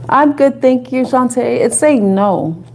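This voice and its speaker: A woman from the Bronx with a New York accent, chatting and thinking out loud as she gives a live tarot reading to viewers. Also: fairly high pitch, expressive, measured pace, gravelly, slight background noise. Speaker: tarot reader.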